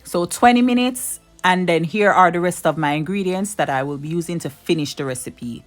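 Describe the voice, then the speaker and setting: A woman's voice: deep voice, fairly quick, faint music behind. A woman hosting a cooking video, chatting with viewers and giving step-by-step tips. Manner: chatty, addresses viewers directly, repeats advice. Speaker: cooking channel host. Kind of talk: casual cooking tutorial.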